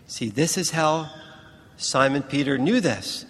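A man with a slightly raised voice preaches a sermon, slow and deliberate, leaning on pauses to stress his points. His voice carries a long reverb, as if filling a large church. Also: a little high, a bit bright, slightly rough. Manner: slow, deliberate teaching delivery with emphatic pauses.

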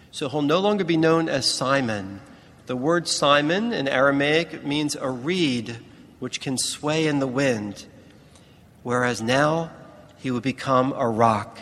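A man preaching a sermon in a large church, teaching in a slow, deliberate way with emphatic pauses. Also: mid-range voice, lively intonation, a bit bright, long reverb tail.

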